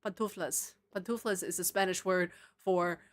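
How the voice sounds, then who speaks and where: A woman's voice: fairly low pitch, steady tone, moderate pace. Chatty woman streamer answering comments. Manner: chatty and rambling, laughs often, drifts into tangents. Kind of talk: casual live-stream chat, answering viewer comments.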